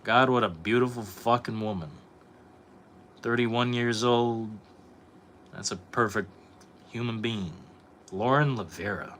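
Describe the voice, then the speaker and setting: A man's voice: medium pitch, slow pace, long pauses, fairly bright tone, slight background noise. A young man streaming, chatting casually with his viewers, rambling and swearing a lot. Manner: profane, rambling, reacting to chat. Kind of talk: casual live-stream chat.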